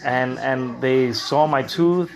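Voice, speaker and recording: Middle-aged man, gravelly, live-streaming from bed in pain after oral surgery, stumbling and repeating himself. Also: medium pitch, a crowd in the background. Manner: rambling, halting, repeats words. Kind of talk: casual live-stream chat. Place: lying in bed at home. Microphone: phone camera.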